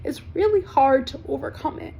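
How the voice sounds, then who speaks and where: A woman in her forties with a bright, high-pitched voice talks straight to camera. She is blunt and animated, with swearing scattered through her talk. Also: moderate pace, creaky. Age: 40s. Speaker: vlogger.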